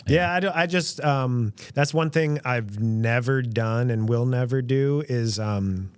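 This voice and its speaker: A man hosting a podcast, chatting in an easygoing, halting way and filling gaps with quick agreement. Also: mid-range voice, clean tone, no room sound, studio quality. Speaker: podcast host. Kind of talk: casual interview chat.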